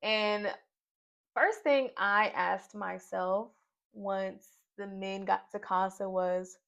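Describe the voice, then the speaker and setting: A woman's voice: mid-range voice, steady tone, takes it slowly, gravelly, a bit bright. A woman from Nashville chatting through a reality TV recap with sassy, playful asides. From Nashville, Tennessee, US. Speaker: YouTube reality TV reviewer. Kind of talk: casual recap vlog. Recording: dull lo-fi sound.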